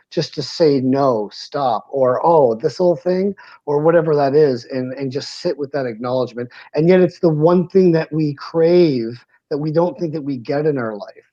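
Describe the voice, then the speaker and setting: Earnest mellow-voiced man in his forties. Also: on the high side, no room sound. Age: 40s. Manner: earnest, reflective, openly emotional. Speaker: podcast co-host. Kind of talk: casual panel chat. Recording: dull lo-fi sound.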